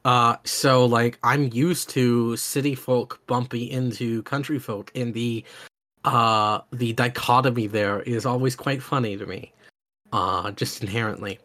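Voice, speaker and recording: Man, mid pitch, eager, rambling podcast host. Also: a bit bright. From Oklahoma, USA. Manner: enthusiastic, rambling, many fillers and restarts. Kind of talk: casual chat.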